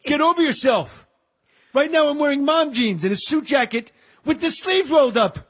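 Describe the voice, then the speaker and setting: A man putting on the voice of a gruff aging tough-guy actor doing bad stand-up, ranting in a gravelly, barking way. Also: extremely high pitch, lively intonation, normal speed, pitched above the performer's own voice.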